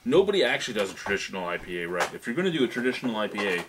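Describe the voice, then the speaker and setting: A man's voice: on the low side, sing-song, very fast. A man hosting a casual beer review, explaining things at length and swearing now and then. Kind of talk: casual chat. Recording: noisy home recording.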